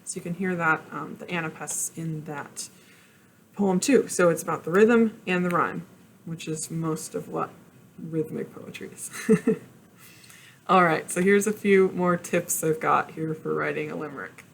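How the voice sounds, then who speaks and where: Woman librarian, young adult, lowish gravelly voice, friendly step-by-step teaching, light hum behind. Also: unhurried. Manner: friendly, explains step by step with many ums. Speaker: librarian leading a teen program. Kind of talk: casual online workshop talk.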